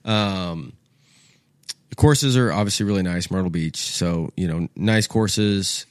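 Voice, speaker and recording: A young man with a lowish voice tells a rambling story, loose and profane, jumping into the voices of the people in it. The sound is close and dry, with no room around it. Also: a little slow, no room sound. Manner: animated, swears freely, acts out quoted voices. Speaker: podcast guest. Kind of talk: casual storytelling.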